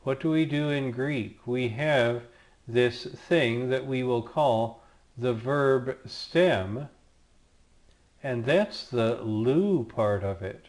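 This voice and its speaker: A man's voice: medium pitch, very slow, a little mellow. A man teaching Greek grammar in a recorded lecture over slides, spelling out verb endings one by one, with dry asides and small jokes.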